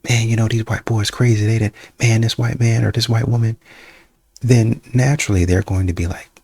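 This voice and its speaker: A man with a low, gravelly, slightly husky voice talks straight to his viewers in loose, casual commentary. He sometimes drops into quick impressions to quote people. The sound is dry and close, with little room around it. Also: fairly even intonation, a little mellow, dry recording. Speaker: reaction video host.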